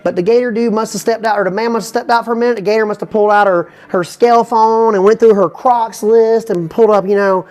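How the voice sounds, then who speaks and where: A man telling a rambling comic story, animated and full of asides. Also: high voice. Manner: fast, animated, repeats "you know what I'm saying". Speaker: comedian.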